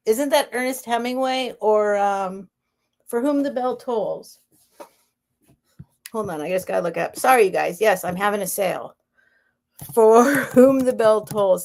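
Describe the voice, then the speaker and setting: A woman casually chatting on a live stream as she hosts a vintage sale, rambling and laughing as she interrupts herself. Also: on the high side. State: near tears.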